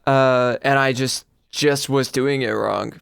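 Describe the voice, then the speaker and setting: A man's voice: medium pitch, fairly even intonation, takes it slowly, gravelly, a bit bright, clean tone, no room sound, clean studio sound. A man co-hosting a podcast, chatting casually and rambling through stories with many restarts. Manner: rambling, self-correcting storyteller. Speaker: podcast co-host. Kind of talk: casual chat.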